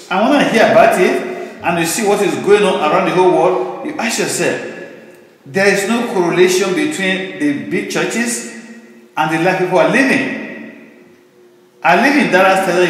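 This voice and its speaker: A male pastor preaching a sermon in an emphatic, repetitive style, asking the congregation rhetorical questions. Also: high-pitched. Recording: very echoey church hall with long reverb.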